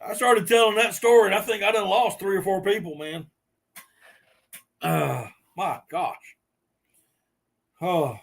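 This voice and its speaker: Guy hosting a live stream, laughing his head off, slow easygoing talk. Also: high voice, gravelly. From Southern US. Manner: laughing helplessly, drawn-out exclamations. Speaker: host. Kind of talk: casual live-stream chat.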